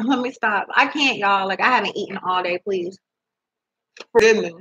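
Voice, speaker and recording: A woman's voice: mid-range voice, normal speed, a bit bright, husky, lo-fi sound. A young woman vlogging casually from home into her laptop, chatty and rambling, eating as she talks and swearing in disbelief. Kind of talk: casual chat to camera. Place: at home indoors. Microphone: laptop microphone.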